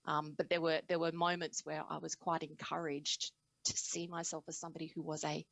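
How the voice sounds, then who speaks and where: A woman with a low, gravelly voice talks through her own path into singing as an interview guest. She sounds reflective and lively, and the recording is dry and close. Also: fairly quick, no echo, low-quality recording. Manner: reflective, animated storytelling with laughs. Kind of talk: conversational interview.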